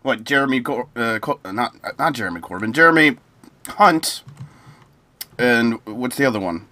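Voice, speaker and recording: A man's voice: medium pitch, lively intonation, normal speed, pushed and bright, no room sound. A man co-hosting a podcast, chatting casually, often laughing and giving his opinions. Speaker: podcast co-host. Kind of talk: casual chat.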